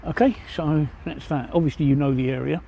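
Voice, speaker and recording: A man's voice: on the high side, steady tone, fairly quick, gravelly, mellow, slight background noise. Rambling, swearing Cockney man. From East London, England. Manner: rambling and blunt, swears freely. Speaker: livestreamer. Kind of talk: casual livestream chat answering viewers. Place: outdoor pub seating by a street.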